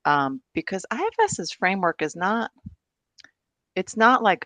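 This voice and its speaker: A woman's voice: lowish voice, animated, measured pace, pauses often, pushed and bright, dry recording. A woman presenting and discussing on a video call, chatty and enthusiastic, laughing often. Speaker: guest presenter.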